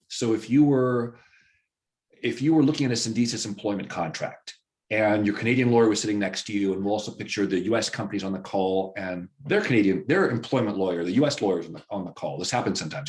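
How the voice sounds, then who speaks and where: A company founder with a lowish, darkish voice is an interview guest explaining how his employer firm operates. He walks through examples and acts out the quoted lines of the people involved.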